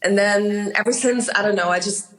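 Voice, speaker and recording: A woman's voice: mid-range voice, moderate pace, rough recording. A woman with a German accent, a native German speaker, chatting as an actor guest in an interview, laughing often between fillers. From Austria. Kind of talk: casual interview chat.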